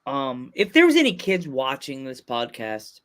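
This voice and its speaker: A man's voice: mid-range voice, huge pitch swings, a little slow. A man from Pennsylvania hosting a casual podcast interview, joking and laughing often. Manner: playful, laughs often, jokey voices. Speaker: podcast host.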